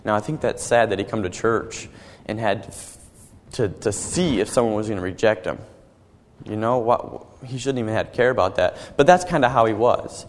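Earnest young man preaching in a reverberant hall. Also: lowish voice. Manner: halting, earnest, repeats words often. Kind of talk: personal testimony sermon.

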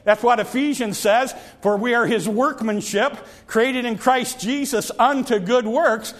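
A man preaching a sermon, repeating and stretching key phrases, sometimes sinking to a hush and sometimes rising to a cry. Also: very high voice. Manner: drawn-out emphatic phrases, dropping to near whispers; repeats phrases and stumbles on restarts.

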